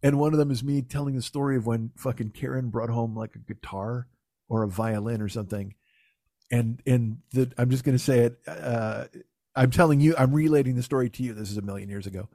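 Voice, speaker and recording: A man's voice: medium pitch, brisk, warm tone, dry recording, studio quality. A man hosting a podcast in casual comedic banter, with sarcastic, profane rants. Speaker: podcast host.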